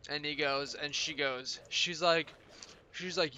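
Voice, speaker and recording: Streamer dude rambling to chat, swears a ton, bright sharp voice. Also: male voice, fairly high pitch, steady tone, slow, a little hiss or hum. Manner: rambling, heavy swearing, lots of "like". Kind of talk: casual chat with viewers.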